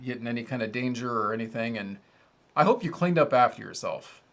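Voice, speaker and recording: A man in his thirties hosts a relaxed live stream for his audio channel. He talks in a loose, rambling way and pokes fun at himself. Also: medium pitch, brisk. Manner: rambling, self-deprecating and chatty. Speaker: host of an audio gear channel. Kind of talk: casual livestream chat.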